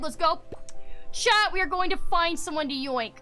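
A woman streaming a game, chatting casually with her viewers and swinging between loud squeals and low mutters. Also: animated, a little fast, faint music behind. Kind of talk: casual gameplay commentary.

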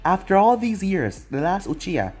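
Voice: medium pitch, big pitch swings, moderate pace, darkish tone, husky, soft background music, voice pushed up. A reader voicing a gloating ninja villain. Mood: mocking. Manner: taunting and mocking. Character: cruel, gloating young male ninja villain. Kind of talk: fan fiction reading.

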